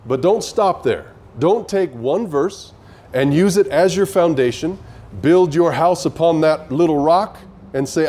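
A man's voice: fairly high pitch, a little slow, darkish tone. A man teaching the Bible in an earnest way, often asking his listeners questions.

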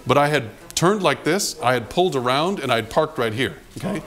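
A man's voice: medium pitch, fairly quick. A man preaching a sermon, telling a personal story from his past and acting out the people in it. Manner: animated storyteller, acts out quotes. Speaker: pastor.

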